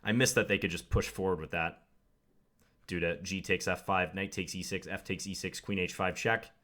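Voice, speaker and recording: A man's voice: low-pitched, steady tone, moderate pace, pushed and bright. A young man commenting live on his own game, thinking aloud with wry, self-deprecating asides. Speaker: chess commentator.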